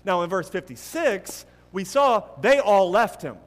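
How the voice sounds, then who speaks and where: A man preaching a sermon earnestly and emphatically, with many restarts, swinging between loud stresses and hushed passages. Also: sits high, animated, unhurried, in a large hall. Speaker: pastor.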